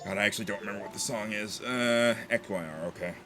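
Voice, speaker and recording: A man's voice: lowish voice, fast talker, over music. A young man streaming a game, joking around and swearing in casual commentary. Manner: animated, joking, swears freely.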